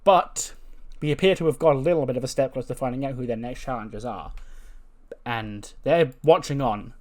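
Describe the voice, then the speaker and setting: While playing a wrestling management game, a man offers chatty, wry let's-play commentary and laughs frequently. His mid-range voice moves at normal speed.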